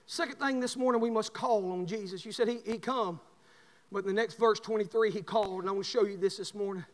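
A man's voice: high voice, steady tone, quick pace. A man preaching a fervent Baptist revival sermon in a church. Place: church sanctuary. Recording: long church-hall reverb.

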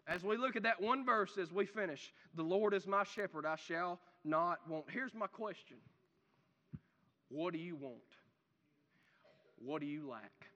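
A male pastor with a high, bright, ringing voice preaches in a church, his words trailing off into a long reverb. He swings between booming declarations and near-whispered, stretched-out lines. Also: highs cut off. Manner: dramatic swings from loud declaring to hushed, drawn-out phrases. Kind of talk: sermon.

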